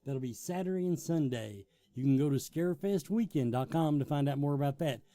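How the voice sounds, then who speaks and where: A talk show host with a slightly high, mellow, expressive voice speaks fairly quickly on his interview show. He jokes around with his guest and reads event plugs, mixing casual interview with promo reads.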